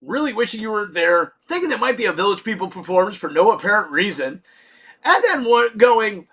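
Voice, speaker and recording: A middle-aged man telling a comedic story with lots of swearing, shouting out his punchlines. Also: high-pitched, sing-song, fairly quick, slightly rough.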